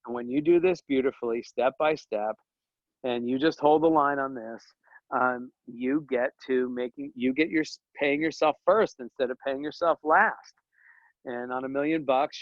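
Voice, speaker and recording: A man talking as a podcast guest and dental business coach, energetic and joking, rambling with slang asides. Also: medium pitch, normal speed, dry recording, muffled recording. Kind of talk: casual podcast conversation.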